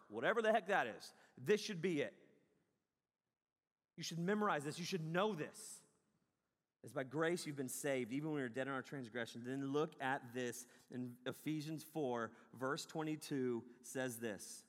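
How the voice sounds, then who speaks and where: Male pastor, raised pitch, energetic self-mocking sermon, long hall reverb. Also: moderate pace. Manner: joking, self-mocking, bursts into loud yells. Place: large hall on a stage.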